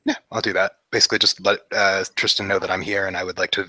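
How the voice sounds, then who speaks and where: A man's voice: low voice, little pitch movement, fast talker, sharp tone. Polite, formal man playing his character. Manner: polite, formal, slightly hesitant. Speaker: player. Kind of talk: in-character tabletop role-play.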